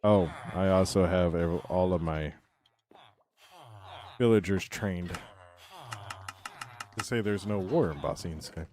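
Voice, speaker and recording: Sarcastic male gaming streamer, low voice. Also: takes it slowly, long pauses, darkish tone. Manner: dry, sarcastic self-mocking. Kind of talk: casual live gameplay commentary.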